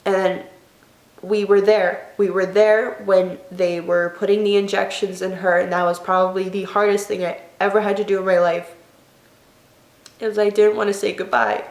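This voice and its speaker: A young woman talks straight to her camera in a personal vlog, her voice emotional and tearful, often soft and halting. Her voice sits at a middle pitch. The room around her is echoey. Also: little pitch movement. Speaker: vlogger.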